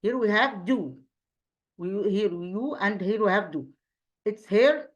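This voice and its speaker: A woman teaching an English grammar review lesson, pausing often and repeating herself, asking rhetorical questions as she goes. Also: medium pitch. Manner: hesitant, frequent fillers and restarts.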